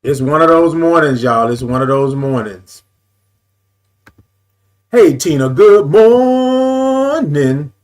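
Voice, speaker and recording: During his casual morning stream, a male host sings long greetings to viewers by name and leans on "y'all." He repeats phrases and keeps adjusting his camera as he speaks, with a medium-pitched voice.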